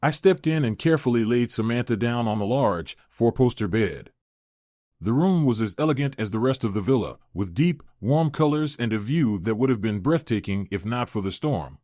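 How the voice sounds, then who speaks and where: Male narrator, steady first-person storytelling, mid pitch, dry. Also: normal speed, no room sound.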